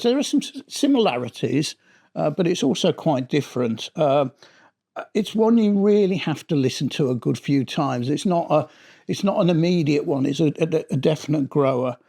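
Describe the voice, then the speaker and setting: A middle-aged man talks through an album in a casual, rambling review, often doubling back on his words. His voice sits a little high and has a gravelly, creaky edge. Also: lively intonation, normal speed, mellow. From Britain. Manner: chatty and rambling, often restarting his sentences.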